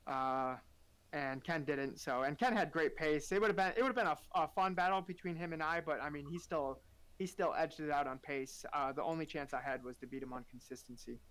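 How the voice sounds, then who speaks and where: A man talking after finishing second in a race, relaxed and a little rueful, with many fillers. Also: a little high, a little fast. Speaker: runner-up driver. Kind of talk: casual post-race interview.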